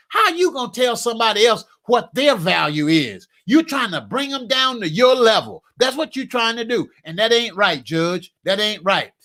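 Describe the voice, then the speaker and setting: A man's voice: extremely high pitch, sharp tone. A man giving a motivational coaching talk with an emphatic, repetitive, preacher-like cadence, talking now and then to a helper in the room. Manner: talks to a live helper during the talk. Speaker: business coach.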